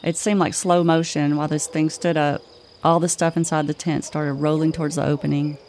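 A woman co-hosting a podcast, telling a spooky story in a slow, measured way. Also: sits low, slight background noise. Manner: slow, measured, flat delivery. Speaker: podcast co-host. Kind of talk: spooky campfire-style storytelling.

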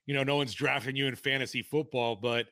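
A man with a bright, forceful voice chats on a sports podcast. He is easygoing and agreeable. He talks at a mid pitch. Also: steady tone, a little fast. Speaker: podcast co-host. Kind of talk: casual sports podcast chat.

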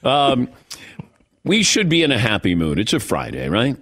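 A middle-aged man hosting sports talk radio with an animated, lively pitch. He chats casually and laughs often between points. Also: moderate pace.

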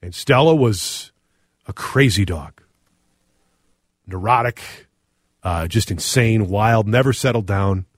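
A middle-aged man hosting a radio talk show, reading listener texts aloud in an earnest, reflective way with frequent pauses. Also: on the low side, dry recording, clean studio sound.

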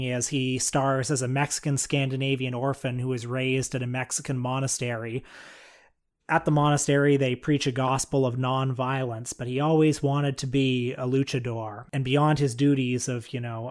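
A man co-hosting a film podcast, explaining and framing topics in a measured, casual way. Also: medium pitch. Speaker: podcast co-host.

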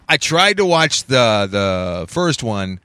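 A man's voice: medium pitch, sing-song, takes it slowly, bright, forceful tone, smooth, no room sound. A man co-hosting a podcast, rambling and hesitant in casual comedic chat. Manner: rambling, hesitant, full of fillers. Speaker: podcast co-host.

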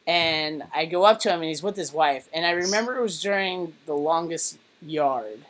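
A woman in her twenties co-hosting a podcast, chatting casually and telling an animated story full of fillers. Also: low voice, moderate pace. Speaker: podcast co-host. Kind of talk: casual chat.

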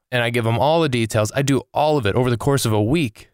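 A man's voice: medium pitch, quick pace, clean tone, no room sound, studio quality. A comedian hosting his own podcast, ranting casually and with exasperation, swearing and rambling through a comic monologue.

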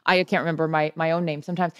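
A woman in her forties, a sports reporter hosting a casual chat, telling a story in an animated, rambling way with many fillers. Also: deep voice, very fast, clear, resonant tone, no room sound, clean studio sound. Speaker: sports reporter and podcast host.

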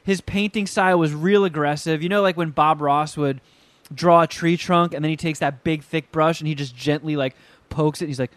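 A man co-hosting a casual podcast chat, telling stories in a profane, animated way with acted-out quotes. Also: on the high side, brisk, no echo. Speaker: podcast co-host.

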